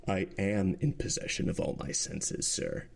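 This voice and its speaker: A man voicing a broken male prosecutor who speaks in a hoarse, faltering voice. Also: low voice, sing-song, exaggerated voice. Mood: resigned. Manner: slow, faltering, stammering.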